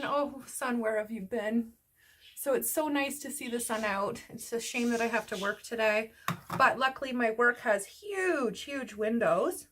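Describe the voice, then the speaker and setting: A woman chatting casually as she does her makeup, rambling and a little out of breath. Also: fairly high pitch. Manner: chatty, rambling, talks while doing makeup. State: slightly out of breath. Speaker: beauty vlogger. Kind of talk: casual get-ready-with-me chat.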